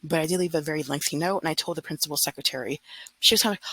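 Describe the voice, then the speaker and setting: A woman's voice: low-pitched, very fast, a bit bright, slightly rough, no room sound, rough recording. A woman in her thirties, a substitute teacher, venting casually and acting out what she told her class. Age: 30s. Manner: exasperated, retells scenes with quoted dialogue.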